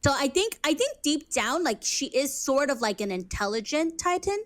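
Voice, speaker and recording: A woman's voice: high voice, very animated, moderate pace. A young woman co-hosting a podcast, chatting casually and animatedly, laughing, swearing and mimicking characters. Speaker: podcast co-host. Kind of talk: casual fan chat.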